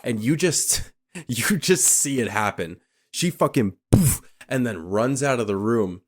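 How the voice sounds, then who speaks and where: A woman podcast co-host with an exceptionally low voice, joining a casual movie recap. She swears freely and laughs through her commentary. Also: expressive, a little slow.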